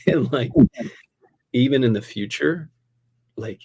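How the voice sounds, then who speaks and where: A man who is a pastor, telling a personal story in casual conversation. He is animated, laughs often and fills his speech with "like" and "man". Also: mid-range voice, slow pace, pauses often, breathy edge. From United States. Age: adult, a parent.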